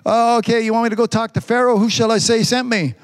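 A man preaching a sermon, reading scripture slowly and stretching the words, with frequent amens. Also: very high-pitched, steady tone, big-room sound. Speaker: pastor.

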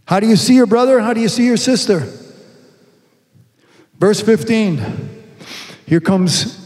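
A male pastor with a high-pitched voice preaches in a church hall, his words carrying a long echo. He poses rhetorical questions and slows right down to stress scripture. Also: darkish tone. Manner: preaching with rhetorical questions and slow emphatic reading. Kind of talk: sermon. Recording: long reverb from a large hall.

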